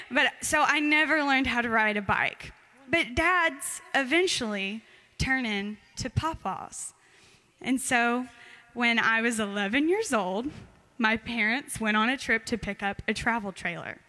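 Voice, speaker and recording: A woman's voice: on the high side, lively intonation, measured pace, sharp tone. A young woman giving an informal, chatty talk to a church congregation. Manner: chatty, giggly, loose with fillers. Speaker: church member giving a Father's Day talk.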